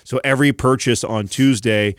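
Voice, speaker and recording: A man's voice: mid-range voice, steady tone, normal speed, no room sound. A male podcast host in casual, rambling chat, with a mid-range voice. His speech is dry and close-miked. He often restarts his sentences.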